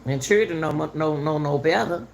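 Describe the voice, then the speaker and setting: A woman's voice: deep voice, normal speed, vocal fry, a little hiss or hum. A middle-aged woman giving heated, casual commentary to her viewers, repeating herself for emphasis. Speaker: channel host commenting on a news case.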